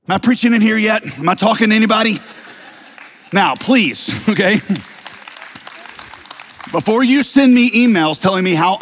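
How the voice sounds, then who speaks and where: A man's voice: on the high side, a bit bright, big-room sound. A man with a slight Southern American accent, preaching a sermon as pastor, conversational and wry, with rhetorical questions to the congregation. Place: church sanctuary.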